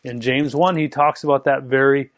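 Give me a man preaching fast and emphatically, with a dry, close sound. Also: mid-range voice, fairly even intonation, no room sound. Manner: fast, emphatic, repeats and restarts words. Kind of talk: sermon.

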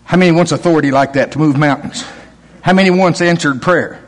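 A man's voice: on the high side, fairly quick. A man preaching a sermon, telling stories with acted-out quotes and chuckles.

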